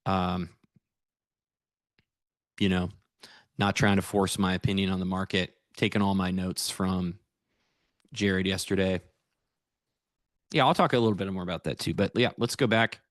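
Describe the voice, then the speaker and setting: A man's voice: sits low, steady tone, measured pace, long pauses, dry recording, clean studio sound. An American man reviewing his trades on a casual livestream, rambling and easygoing as he chats with viewers. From United States. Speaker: futures trader streaming live.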